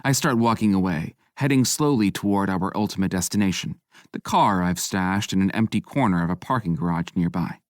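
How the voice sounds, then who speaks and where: A man narrating a romance audiobook in a low, intimate, measured voice. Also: no echo. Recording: dry close studio mic.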